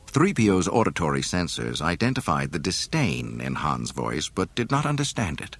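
A man narrates a story in a deep, husky voice. His delivery swings widely in pitch and stays dramatic and expressive. The recording is dry and close. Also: normal speed, hardly any pauses, dry recording. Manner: expressive, voicing every character.

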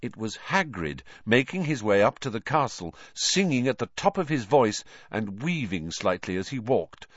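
A man reading a children's novel aloud as narrator, in an expressive, animated storytelling manner. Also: mid-range voice, normal speed, hardly any pauses, dry recording, highs cut off. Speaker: audiobook narrator.

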